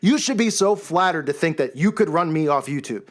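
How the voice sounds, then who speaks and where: A man hosting his own channel, delivering an angry, scornful rant, yelling and raising his voice. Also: on the high side, lively intonation, a little fast. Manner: yells and raises his voice, scornful. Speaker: channel host.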